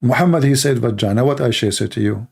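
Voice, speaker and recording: Gravelly middle-aged guy, dark voice, broken english, blunt and mocking on a live debate stream. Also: medium pitch, fast talker. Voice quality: non-native English with broken grammar. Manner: blunt, combative and mocking, with rhetorical questions. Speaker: debate show host.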